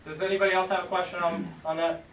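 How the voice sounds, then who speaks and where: A man teaching a class, upbeat, with a slightly high voice. He drills his students with call and response. He is recorded from across an echoey classroom, with faint noise in the background. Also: flat delivery, quick pace, fairly bright tone, far from the mic. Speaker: Greek teacher. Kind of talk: classroom lesson.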